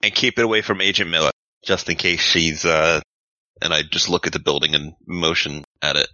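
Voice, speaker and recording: A man plays his character in a tabletop game, casual and profane, often stumbling over his words. His voice is very deep yet sharply bright, and the recording is dry and slightly muffled. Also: steady tone, a little fast, dry recording. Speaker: player. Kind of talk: tabletop role-play.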